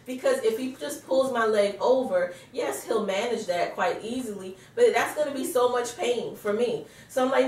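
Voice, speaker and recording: A pregnant woman in her thirties, tired, telling a lively home story on her vlog and acting out what everyone said, with laughs. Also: on the high side, normal speed, hardly any pauses, far from the mic. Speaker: vlogger. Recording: roomy sound from away from the mic.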